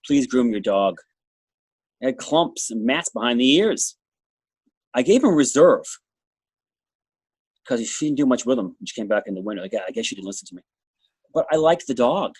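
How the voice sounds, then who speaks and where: Middle-aged man, New England accent, blunt and rambling, husky. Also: medium pitch, lively intonation, darkish tone, dry recording. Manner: blunt, talks fast in bursts, trails off. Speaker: dog show judge. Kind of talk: interview answer, candid anecdotes.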